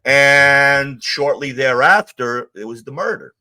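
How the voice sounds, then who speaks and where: A man from Queens, telling stories in a casual interview, animated and acting out the quotes of others. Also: mid-range voice, takes it slowly. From Queens, New York. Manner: animated, acts out quotes, swears. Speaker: guest, former mob associate.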